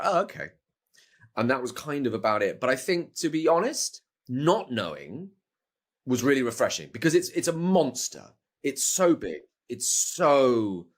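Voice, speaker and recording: A middle-aged British man, a voice actor, chatting casually in an interview, rambling with restarts and playful asides. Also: mid-range voice. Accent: British English. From Britain. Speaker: voice actor guest.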